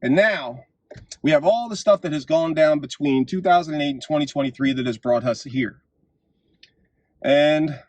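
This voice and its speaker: Guy ranting on his vlog, kinda high voice, worked up, dry close sound. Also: no room sound. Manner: fervent, storytelling, swings to shouts at climaxes. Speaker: vlog host. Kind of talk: impassioned political monologue.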